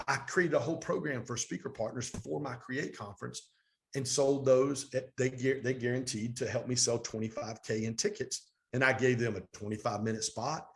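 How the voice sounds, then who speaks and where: Energetic middle-aged man telling stories. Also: mid-range voice. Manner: energetic, fast storytelling with animated quoted dialogue. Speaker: podcast guest, coach. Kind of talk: storytelling interview.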